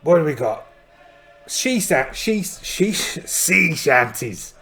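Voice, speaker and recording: A man's voice: fairly high pitch, sing-song, slow pace, pushed and bright. Playful man narrating a game. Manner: playful, storytelling, thinking aloud over dice. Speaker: solo game player and host. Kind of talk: narrating a solo tabletop game. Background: faint music backing track.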